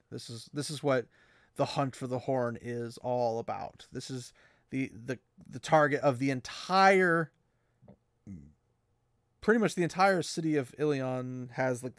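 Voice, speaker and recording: A man's voice: medium pitch, creaky, fairly bright tone, no echo, clean studio sound. A young man co-hosting a podcast, chatting casually, laughing often, and reading aloud from a novel. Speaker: podcast co-host.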